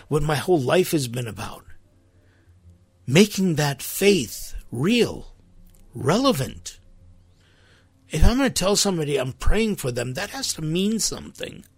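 Male preacher, impassioned sermon, gravelly, husky, close dry sound. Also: a little high, dry recording. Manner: impassioned, rising to sharp emphasis.

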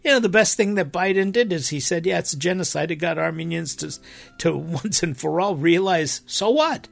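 Earnest male preacher in casual talk, very gravelly and husky, dry sound with faint music behind. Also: fairly high pitch, fairly quick, no echo. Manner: earnest, emphatic, with animated rises and quoted voices. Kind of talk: impassioned conversational talk.

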